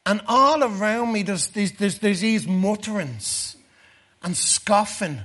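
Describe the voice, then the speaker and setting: An Irish man giving a personal testimony sermon to a church gathering, earnest, dropping low and slow for the dark parts. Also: expressive, breathy edge. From Ireland.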